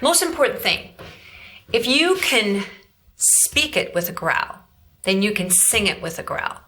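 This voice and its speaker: A woman teaching a vocal lesson in a clear, bright voice, explaining step by step and coaxing her student to repeat each sound back. Her pitch sits in the middle for a woman. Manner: directive, demonstrates growls and coaxes the student. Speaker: vocal coach. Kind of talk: instructional demonstration.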